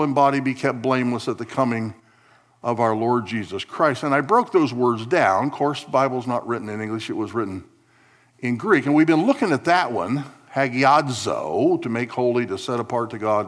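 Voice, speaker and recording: A man preaching a sermon as pastor, stressing key words slowly and dropping to quiet asides. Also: medium pitch, animated.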